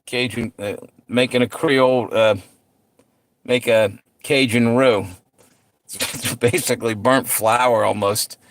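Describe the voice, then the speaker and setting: A man's voice: fairly low pitch, creaky. A middle-aged man hosting a livestream, chatting casually with viewers and telling stories, laid-back, laughing often and swearing freely. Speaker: livestream host.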